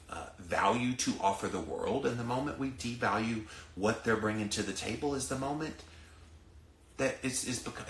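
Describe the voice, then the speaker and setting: A man's voice: medium pitch, fairly bright tone, roomy sound, slight background noise. A middle-aged man with a Southern US accent hosting a podcast, ranting emphatically and speaking straight to his listeners. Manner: emphatic, preachy, addresses listeners directly. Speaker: podcast host. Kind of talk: ranting commentary.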